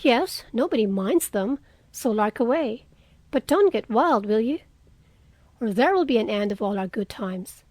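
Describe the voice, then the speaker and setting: A woman's voice: a little high, animated, a little slow, darkish tone, no room sound. A woman reading as a frank, spirited young woman. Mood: earnest. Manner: earnest, outspoken, scolding. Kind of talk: audiobook character reading.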